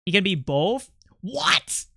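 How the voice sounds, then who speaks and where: A livestreamer chatting casually with viewers, rambling and excitable, jumping from topic to topic. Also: medium pitch, moderate pace, no echo, clean studio sound.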